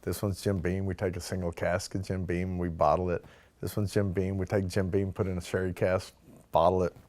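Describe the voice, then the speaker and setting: Talking a little fast in a low, level, darkish voice, a man tells in a casual interview how he founded his distillery. He acts out other people's words and uses "like" and "you know" throughout.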